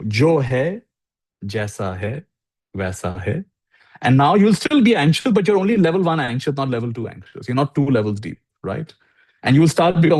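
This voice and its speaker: Spiritual teacher, storytelling and direct, dry close sound on a video call. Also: male voice, a little high, dry recording. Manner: gently direct, storytelling, acts out quoted speech. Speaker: spiritual teacher answering a caller. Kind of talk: live online Q&A, storytelling advice.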